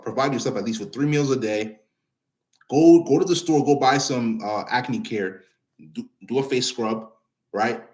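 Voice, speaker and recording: An emphatic young man delivering motivational straight-talk to camera. He repeats his points and leans on slang, with a voice sitting at an ordinary middle pitch. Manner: emphatic, repetitive, slangy, keeps adding "bro". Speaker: channel host.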